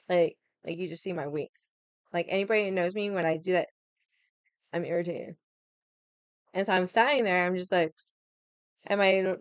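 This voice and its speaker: A woman's voice: on the low side, smooth, no echo. A young woman telling a story in a chatty, casual way, laughing and swearing as she talks. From Hawaii. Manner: irritated, stubborn storyteller. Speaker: vlogger.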